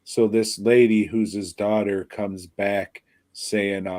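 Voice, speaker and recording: A man's voice: on the low side, level tone, slow, darkish tone, no echo. A man co-hosting a podcast, rambling and crude in casual chat about a movie. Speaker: podcast co-host.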